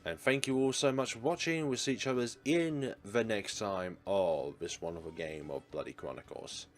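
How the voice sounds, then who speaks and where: A man's voice: lowish voice, moderate pace, soft background music. A man narrating a visual novel in a let's play, in a wry, sarcastic manner. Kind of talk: reading a visual novel aloud.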